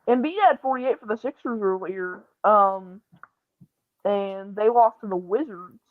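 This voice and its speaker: A woman's voice: mid-range voice, unhurried, no room sound. A woman guest on a casual sports chat, hesitant and full of fillers as she passes along score updates. She comes through a dry, tinny, phone-like line.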